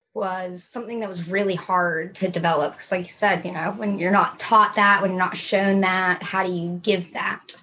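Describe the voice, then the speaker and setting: A woman's voice: mid-range voice, fairly bright tone, a little hiss or hum. Earnest woman on a dull lo-fi mic. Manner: earnest, reflective. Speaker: guest. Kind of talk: casual discussion. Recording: dull lo-fi recording.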